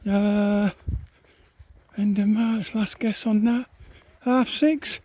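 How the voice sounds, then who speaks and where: Man, high-pitched, unhurried, breathless, muttering walking commentary, outdoors on a phone. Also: steady tone, dark tone. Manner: rambling, muttering to himself, grumbling at the hills. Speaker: hiker vlogger. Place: outdoors on open moorland.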